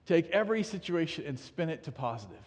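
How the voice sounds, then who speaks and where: High-voiced husky preacher in a hall. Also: male voice, very animated, fast. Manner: earnest, asks the congregation questions, frequent restarts. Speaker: pastor. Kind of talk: sermon.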